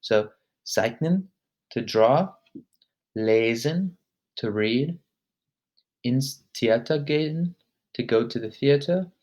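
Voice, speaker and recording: A man hosting a casual vocabulary lesson. He talks in a relaxed way, fills pauses with "um", and says each word slowly and then repeats it. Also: mid-range voice. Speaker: language lesson host.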